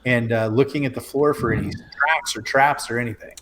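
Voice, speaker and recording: A man playing in a tabletop game, laying out his moves in a measured, thinking-aloud way. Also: medium pitch, fairly even intonation, crowd noise. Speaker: player.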